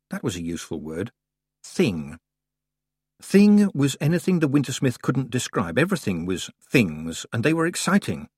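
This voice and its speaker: A man narrating an audiobook in an expressive, playful storytelling manner. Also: mid-range voice, husky, dry recording, studio quality.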